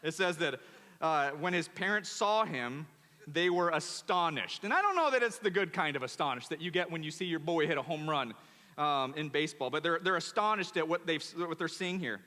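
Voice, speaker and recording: A male pastor preaching a sermon in a church, animated and emphatic, often repeating words. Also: on the high side, normal speed. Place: church auditorium. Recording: long church hall reverb.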